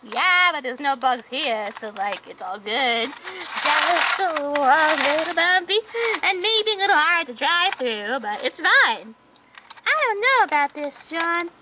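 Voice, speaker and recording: A woman's voice: high-pitched, takes it slowly. A woman voicing a whole group of toy characters, chattering and squealing through their banter in a playful role-play. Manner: excitable, squealing, chattering banter between figures. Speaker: toy video creator voicing all the characters. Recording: noisy home recording.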